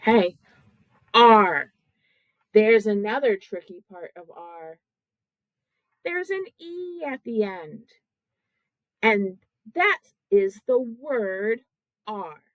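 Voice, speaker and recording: A woman teaching kindergarten children, sounding out words slowly syllable by syllable in a patient, encouraging way. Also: medium pitch, a bit bright, dry recording, rough recording.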